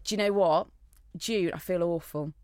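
A woman co-hosting a casual chat, telling stories in a chatty, animated way. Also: on the low side, normal speed, no room sound, studio quality.

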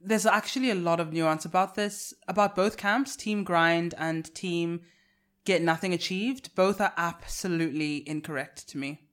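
South african woman chatting on her podcast, kinda low voice, candid and lively. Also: moderate pace. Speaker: podcast co-host. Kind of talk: casual chat.

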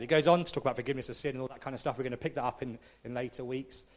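A man's voice: medium pitch, fairly even intonation, racing. A man preaching a conversational, self-deprecating sermon, often checking in with the congregation. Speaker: pastor.

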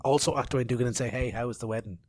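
A man talking on his podcast, loose and rambling with a self-mocking streak. His voice sits at an ordinary middle pitch. The sound is close and dry, with no room around it. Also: fairly even intonation, racing, darkish tone, no room sound. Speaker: podcast host. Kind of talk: casual chat and interview. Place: outdoor festival grounds in later part.

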